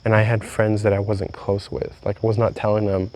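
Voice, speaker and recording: A man's voice: lowish voice, monotone, a little fast, a little mellow. A young man vlogging a candid, rambling confessional monologue, swearing freely as he talks.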